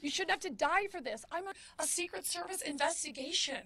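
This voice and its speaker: A woman's voice: very high voice, animated, a little fast, sharp tone. A woman in her fifties, a comedian giving a press conference statement, joking and mocking herself with a nervous edge. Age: 50s.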